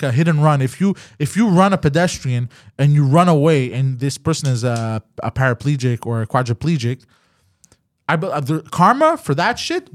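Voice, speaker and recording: His voice is a little high, captured dry at studio quality. As a podcast host, he chats casually and tells animated stories, cursing along the way and voicing both sides of each conversation.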